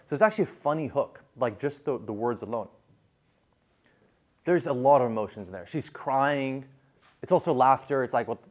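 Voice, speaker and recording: Man giving a chatty lecture. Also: mid-range voice. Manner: animated, lots of fillers and restarts. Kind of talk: casual classroom lecture.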